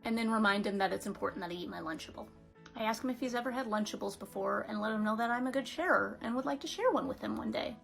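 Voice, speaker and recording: A woman in her twenties telling a comedic story as a vlogger, with sarcastic, deadpan asides. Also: a little high, quick pace, gravelly, faint music behind.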